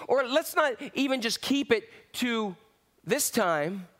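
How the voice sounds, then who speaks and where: High-voiced man preaching a lively sermon. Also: slow. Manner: lively preaching with swings from loud to hushed. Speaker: pastor.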